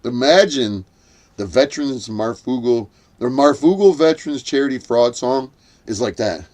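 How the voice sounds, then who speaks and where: A man's voice: mid-range voice, lively intonation, normal speed, a little mellow. Rambling crude older man streaming late. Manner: crude, cackling and rambling, swearing often. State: punch-drunk from staying up late. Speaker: livestream host. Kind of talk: late-night livestream chat.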